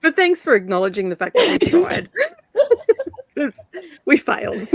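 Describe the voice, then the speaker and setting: A woman's voice: a little high, sing-song, normal speed, dry recording. A woman in a casual group chat, joking about herself and laughing. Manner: self-deprecating, laughing.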